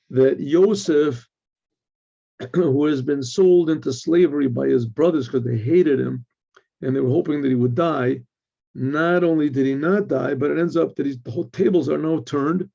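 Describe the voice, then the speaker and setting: Gravelly throat-clearing rabbi telling a story. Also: male voice, fairly high pitch. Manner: clears throat often, animated storytelling with restarts. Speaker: rabbi teaching Torah. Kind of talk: informal Torah lesson, retelling with quotes. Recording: dull lo-fi recording.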